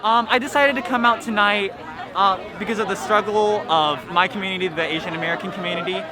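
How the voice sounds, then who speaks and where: Brief: young man, vigil speaker, sincere and halting, high voice, loud crowd all around. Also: loud music behind the voice. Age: young adult. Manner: sincere, slightly hesitant with fillers. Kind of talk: public speech. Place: outdoor vigil. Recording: outdoors amid a loud crowd and noise.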